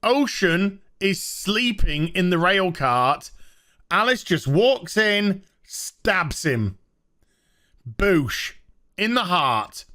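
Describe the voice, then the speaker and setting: A man's voice: high-pitched, very animated, very slow, sharp tone. A man giving a sarcastic, swearing recap of a TV episode he dislikes, scornful and casual. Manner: swears freely. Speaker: TV show reviewer.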